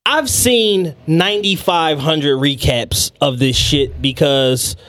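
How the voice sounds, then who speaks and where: A man's voice: on the high side, slow pace, fairly bright tone. A man co-hosting a podcast, giving his laid-back, profane opinions in casual chat. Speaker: podcast co-host.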